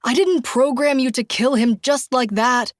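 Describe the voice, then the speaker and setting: A woman's voice: on the high side, a little slow, no echo, lightly acted. A tense, nasal man who tries to keep control and then lashes out, as a woman reader plays him. He is heard up close in an audiobook thriller with a dry, dead sound around him. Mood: angry. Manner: controlled, then pleading and explosive. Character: controlling man, creator of a synthetic wife.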